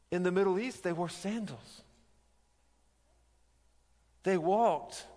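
Slow, emphatic male preacher in reverberant hall. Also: sits high, darkish tone. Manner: conversational teaching, rhetorical questions, emphatic. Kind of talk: sermon.

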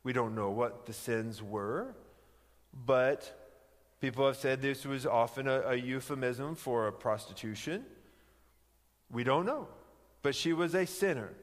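A man's voice: medium pitch, measured pace, long pauses. A man preaching a sermon, teaching conversationally with emphatic rhetorical questions. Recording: long hall reverb.

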